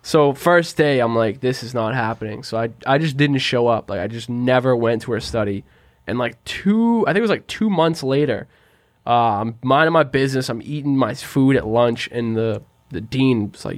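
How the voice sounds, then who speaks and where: Young man telling animated stories, dry sound. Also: medium pitch, normal speed, dry recording. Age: young adult. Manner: animated storyteller, acts out quoted lines, slangy. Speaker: podcast co-host. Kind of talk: casual chat.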